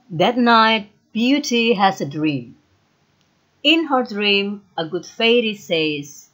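A woman reading a simple storybook aloud slowly and carefully, lifting her voice for the characters' lines. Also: rough recording. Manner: slow, careful reading with lively pitch on dialogue. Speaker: storybook reader. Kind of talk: slow graded-reader narration.

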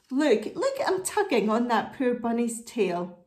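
Animated woman reading a picture book. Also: a little high, unhurried, roomy sound. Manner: animated, asks listeners questions. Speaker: storybook reader.

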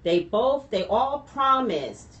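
A woman's voice: fairly high pitch, very animated, takes it slowly, fairly bright tone, dull audio. A woman co-hosting a talk show as a psychic reader, chatting in a gossipy way and often trailing off mid-sentence. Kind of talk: casual chat.

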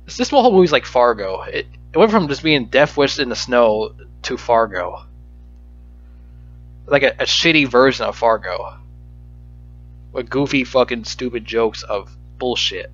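A man's voice: mid-range voice, expressive, a little slow, long pauses, a bit bright. A man giving a profane, exasperated movie review rant, full of stammered restarts. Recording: dull lo-fi recording with faint music.

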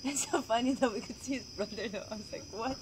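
A woman's voice: a little high, quick pace. A woman chatting and teasing friends in a backyard, giggling often. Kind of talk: casual chat among friends. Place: backyard outdoors at night. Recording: loud crickets and outdoor noise. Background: crickets and insects.

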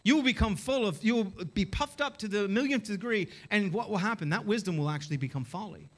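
A man's voice: high voice, fast. A man preaching a sermon as a pastor, emphatic and full of rhetorical questions. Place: church.

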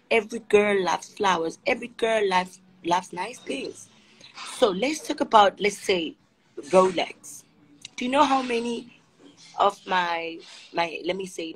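A woman's voice: lowish voice, slight background noise, low-quality recording. A young South African woman with a South African accent, hosting a casual live stream as a sassy straight talker who keeps calling viewers honey. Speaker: Instagram live host. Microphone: phone.

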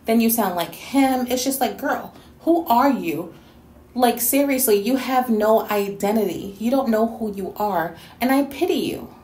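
A woman's voice: fairly high pitch, lively intonation, a little slow, a little mellow, echoey room. A woman from New York City delivering a scolding, sassy rant in a response video. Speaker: YouTube commentator.

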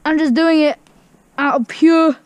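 A woman chats through a garden vlog in a relaxed, self-mocking manner, humming silly little tunes outdoors. Her voice sits high and steady, at a measured pace, in a dry recording.

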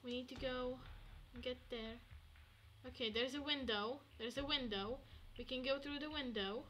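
A woman streaming a game, chatting to herself and swinging between hushed murmurs and excited outbursts. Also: sits high, moderate pace, a little hiss or hum. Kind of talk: casual gameplay commentary.

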